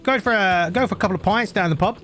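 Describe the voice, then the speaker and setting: Stereotypical chatty Brit, as a streamer puts him on, exaggerated British accent, folksy rambling. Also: male voice, high-pitched, quick pace, fairly bright tone, soft background music. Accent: put-on British.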